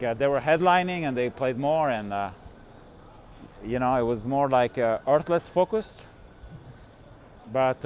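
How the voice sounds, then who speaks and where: Rambling man vlogging on a city street. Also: on the high side. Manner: rambling, many fillers and restarts, laughs often. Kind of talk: casual walking vlog. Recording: faint street noise.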